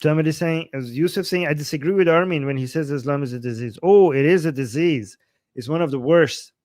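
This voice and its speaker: A man's voice: a little high, brisk, no echo, studio quality. Angry, profane Iranian man on a livestream. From Iran. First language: Persian. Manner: angry, profane, mocking, loud outbursts. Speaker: livestream host reading super chats. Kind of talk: heated livestream commentary.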